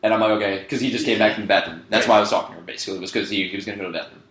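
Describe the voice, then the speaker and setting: A man's voice: fairly low pitch, very fast, a bit bright. Young man rambling through a drunk story, echoey room. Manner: rambling, swearing, laughing through his own story. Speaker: podcast co-host. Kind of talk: casual storytelling.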